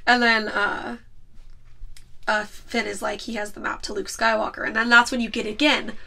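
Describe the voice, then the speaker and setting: A woman's voice: fairly high pitch, level tone, moderate pace, gravelly, pushed and bright. A woman hosting a casual chat podcast, giggling often and retelling movie scenes with lots of "like". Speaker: podcast host.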